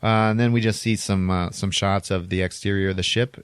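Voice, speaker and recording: Low-voiced man rambling through a story. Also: fairly even intonation, fairly quick, hardly any pauses, clear, resonant tone, dry recording, clean studio sound. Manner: rambling storyteller, chuckles between lines, many "like"s. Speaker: podcast co-host. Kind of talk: casual chat, retelling a film plot.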